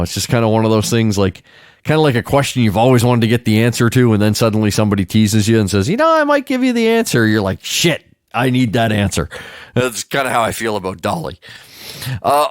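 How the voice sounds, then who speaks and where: A man's voice: lowish voice, no room sound, studio quality. Profane joking male show host. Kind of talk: casual comedic news roundup.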